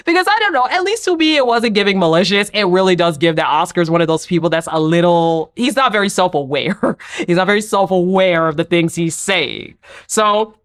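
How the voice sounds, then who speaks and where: Animated woman recapping reality TV. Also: lowish voice, moderate pace. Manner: animated, talks back to the cast in quoted asides. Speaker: TV recap reviewer. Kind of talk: casual reality show recap.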